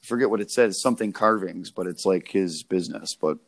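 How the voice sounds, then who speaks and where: Young dude rambling on a podcast, swears a lot, tons of "like" and "uh", cracks himself up. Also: male voice, deep voice, brisk. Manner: rambling, profane storytelling full of fillers; animated, laughs at his own stories. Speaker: podcast co-host. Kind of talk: casual chat.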